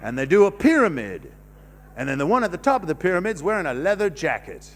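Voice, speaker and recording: Guy doing a loud cheesy 70s tv ad announcer, hard sell, high and swoopy. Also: very animated, quick pace, long reverb tail. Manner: loud hard-sell pitch, jumpy delivery. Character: brash male 1970s TV ad announcer. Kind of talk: stand-up bit.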